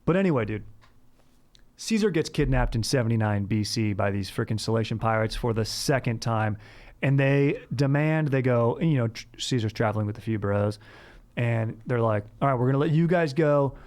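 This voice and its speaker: A man's voice: medium pitch, normal speed, darkish tone. Laid-back rambling young man, dude-heavy storytelling. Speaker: podcast host. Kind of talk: casual storytelling chat.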